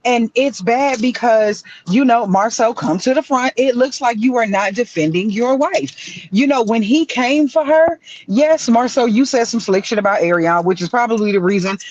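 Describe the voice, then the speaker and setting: A woman's voice: fairly high pitch, moderate pace, a little mellow, no echo, muffled recording. Blunt woman ranting from her car. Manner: blunt, profane, opinionated. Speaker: guest on live stream. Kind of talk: casual opinionated chat. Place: in a car in a drive-through.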